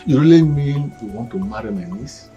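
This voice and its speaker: A man's voice: medium pitch, animated, a little fast, mellow, dull audio, soft background music, close to an everyday voice. An actor playing a middle-aged uncle with a Nigerian accent who gladly blesses his niece's marriage. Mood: pleased.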